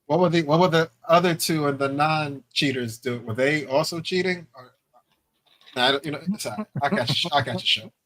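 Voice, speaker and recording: A man's voice: on the high side, a little fast, fairly bright tone, poor audio. A man co-hosting a podcast, talking in a laid-back, slangy way and laughing often. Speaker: podcast co-host. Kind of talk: casual chat.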